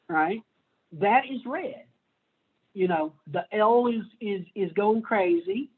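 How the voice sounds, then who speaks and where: A man's voice: sits high, takes it slowly, narrow, tinny audio. A man giving a casual, conversational college lecture. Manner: conversational, plays out little voices. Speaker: university lecturer.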